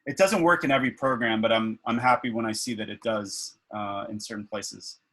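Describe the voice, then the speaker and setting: A man's voice: lowish voice, a little fast, pushed and bright, rough recording. A man leading an online faculty workshop over a video call, thinking aloud with many fillers and restarts.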